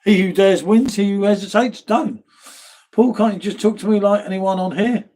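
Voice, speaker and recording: A man's voice: sits high, moderate pace, a little mellow. A middle-aged man with an accent from near London, hosting a casual live stream, chatting and reading out viewer comments. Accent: southern English, from near London. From England. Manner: chatty, laid-back, reads viewer comments, says mate a lot. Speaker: live stream pub host.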